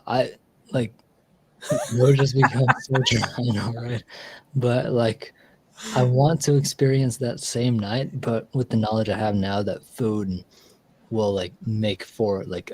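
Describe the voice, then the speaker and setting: A man's voice: fairly low pitch, dark tone, low-quality recording. A man streaming casually, telling a long story with lots of fillers and restarts. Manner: rambling storyteller with many fillers. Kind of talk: casual live-stream chat.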